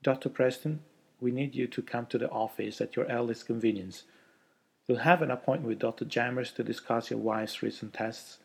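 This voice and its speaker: A man voicing a formal female clinic secretary in a read-aloud story, flat and businesslike. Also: mid-range voice, moderate pace, vocal fry, slightly rough.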